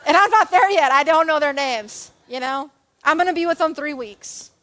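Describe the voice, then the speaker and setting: A woman's voice: sits high, normal speed, sharp tone. A young adult woman giving a sermon as a church youth leader, chatty and self-deprecating, with jokes and asides.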